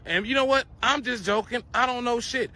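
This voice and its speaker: A man's voice: extremely high pitch, fairly quick, bright, forceful tone. A man delivering a profane conspiracy rant to camera, preachy and crude, firing off rhetorical questions.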